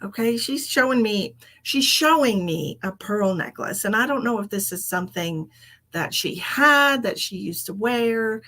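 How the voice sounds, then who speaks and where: Woman, live-stream medium; husky, gravelly voice; chatty and affectionate with viewers. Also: medium pitch, animated, measured pace, bright, forceful tone. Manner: chatty, calls people endearments. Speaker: psychic medium. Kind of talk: live-streamed psychic reading.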